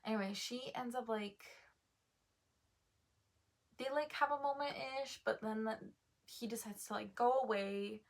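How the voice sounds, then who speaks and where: Chatty rambling woman, higher voice. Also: a little slow, creaky, pauses often. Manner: rambling, full of "like" and "um", corrects herself. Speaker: book reviewer. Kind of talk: casual book review chat.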